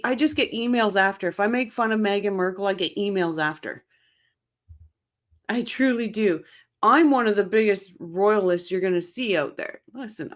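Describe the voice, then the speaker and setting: A woman from Ontario hosting a casual livestream, chatting with viewers by name and laughing often. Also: mid-range voice. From Canada, Ontario. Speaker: livestream host reading viewer chat.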